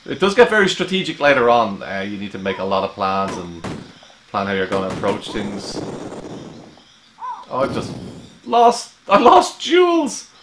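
An Irish man chatting through a video game, excitable and jokey, with quick asides. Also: lowish voice, a little hiss or hum. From Ireland. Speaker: retro gaming YouTuber. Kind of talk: gameplay commentary. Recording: roomy room with game music. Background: game music.

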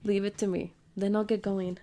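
A woman's voice: mid-range voice, flat delivery, moderate pace, noisy background. A woman streamer casually playing through a story game, reading the characters' chat lines aloud and joking between them. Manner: playful, giggly, reads character lines in her own voice. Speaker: gaming streamer. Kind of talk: casual let's-play commentary, reading game dialogue aloud.

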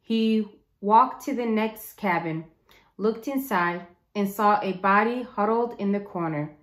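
A woman teacher reads a novel aloud, taking her time and bringing the story to life. Her mid-pitched voice moves at a slow, careful pace, and it rings in a roomy space. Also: a bit bright.

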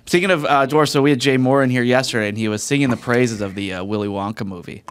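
A man's voice: medium pitch, fast talker. A man co-hosting a casual podcast chat, joking and bantering. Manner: joking banter, laughs through lines. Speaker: podcast co-host.

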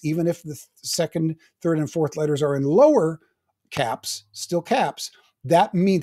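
A man's voice: on the high side, dark tone. Chatty older man teaching Bible. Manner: chatty, self-deprecating teacher with frequent restarts. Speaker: teaching pastor.

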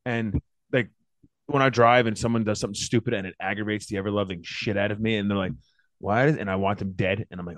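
A man's voice: on the low side, fast talker, no echo. A man co-hosting a podcast, telling a long exasperated story full of swearing. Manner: profane ranting storyteller; animated, exasperated. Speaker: podcast co-host. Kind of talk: casual chat.

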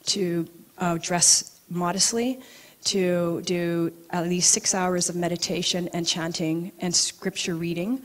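A woman's voice: fairly low pitch, slow pace. A woman acupuncturist giving a personal storytelling talk at an event, laughing and acting out the people in her stories. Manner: animated, laughing storyteller who acts out quotes. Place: event venue.

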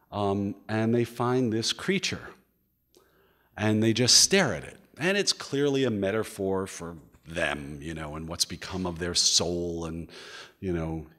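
A man giving a lecture at a museum, animated and enthusiastic, often repeating words and filling pauses as he thinks aloud. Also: sits low.

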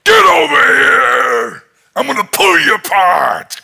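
A man's voice: very high-pitched, huge pitch swings, extremely slow, gravelly, mellow, husky, voice pushed up, heavily acted. A man voicing an enraged, insulted giant warrior who bellows his threats. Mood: furious. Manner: bellowing, outraged.

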